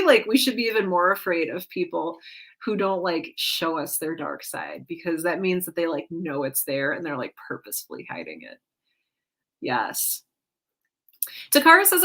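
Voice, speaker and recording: A woman's voice: mid-range voice, fairly bright tone. A woman hosting a livestream in casual chat, reading viewer comments aloud and reacting in an upbeat, playful way. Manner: playful self-teasing, frequent "like" and "um".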